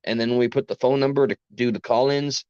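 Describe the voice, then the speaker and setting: Late at night, a New York-accented streamer who's beat from a long workday rants sincerely at his chat, wandering off topic and cutting himself short. He talks fast in a medium-pitched, steady, slightly mellow voice that's clear and resonant, with dry, dull, lo-fi sound and no echo.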